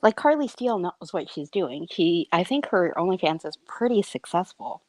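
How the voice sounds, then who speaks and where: A woman's voice: lowish voice, animated, moderate pace, no room sound. A woman chatting casually, with a teasing, exclaiming manner. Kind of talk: casual chat.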